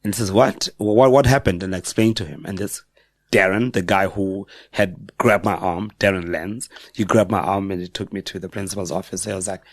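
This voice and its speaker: A middle-aged South African man with a South African accent, a guest on a podcast, telling personal stories in a reflective, halting way with frequent self-corrections. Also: sits low, fairly even intonation, fairly bright tone, no echo, studio quality. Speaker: guest author. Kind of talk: personal storytelling in a podcast interview.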